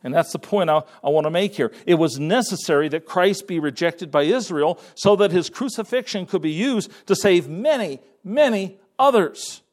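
Male pastor, fairly high voice, folksy sermon delivery, repeats himself, reads old-style scripture. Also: animated, moderate pace, hardly any pauses. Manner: folksy, repeats words, quotes scripture in King James wording.

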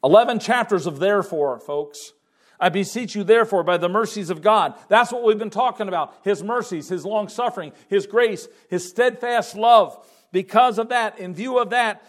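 Older male preacher, animated delivery. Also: high-pitched, moderate pace. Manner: animated, shifting between loud emphasis and quiet asides. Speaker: pastor. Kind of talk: sermon.

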